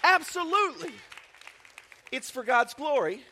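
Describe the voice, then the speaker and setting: High bright voice on a guy preaching, energetic pastor, acts out bits of the story. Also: a little slow, some chatter behind, slight background noise. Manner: energetic, acts out Bible scenes in character voices. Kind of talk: sermon.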